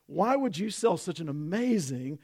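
Incredulous dog buyer, voiced by a man, lively and slightly high. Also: moderate pace, gravelly, husky, full character voice. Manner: incredulous, eager. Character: astonished curious male dog buyer.

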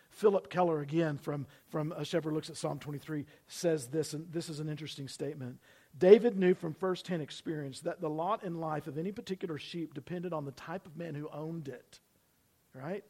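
Male preacher, higher-pitched voice, dynamic sermon delivery with loud peaks and soft drops. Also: slightly rough. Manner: preaching with sudden loud emphasis and drops to near-whisper; asks the congregation to repeat phrases. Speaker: pastor. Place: church building.

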